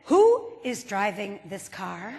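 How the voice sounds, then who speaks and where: A woman's voice: medium pitch, huge pitch swings, slow, dark tone, slight background noise, pitched below the performer's own voice, heavily acted. A woman imitating a stubborn, defensive husband who insists in a pompous way. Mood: insistent. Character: stubborn defensive husband, middle-aged man. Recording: reverberant hall.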